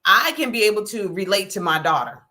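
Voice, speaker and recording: A middle-aged woman hosting a casual talk, folksy and animated, often checking in with "okay?". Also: medium pitch, fairly quick. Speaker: host. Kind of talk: casual talk to a live audience.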